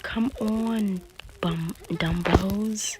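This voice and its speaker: A woman's voice: mid-range voice, drawn-out words, noisy background. A woman casually talking through her own video game play, often dropping into a whisper. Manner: chatty, keeps drifting into whispers. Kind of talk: casual gameplay commentary.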